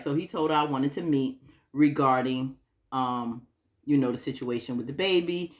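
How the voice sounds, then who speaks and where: A woman's voice: very deep voice, normal speed. Chatty woman recapping a TV episode. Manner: chatty, acts out characters' lines, frequent laughs. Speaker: TV recap vlogger.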